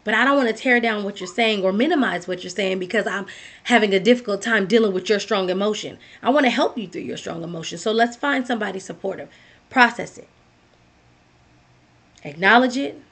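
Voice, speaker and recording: A woman's voice: mid-range voice, fairly quick, a bit bright. A woman giving a motivational talk, earnest and direct, repeating key phrases as she speaks to the listener.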